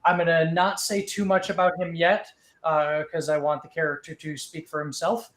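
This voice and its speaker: Nervous man with a halting introduction. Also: on the high side, flat delivery, a bit bright. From Chicago area. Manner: a bit nervous, halting with many ums. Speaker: guest player. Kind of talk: casual livestream introduction.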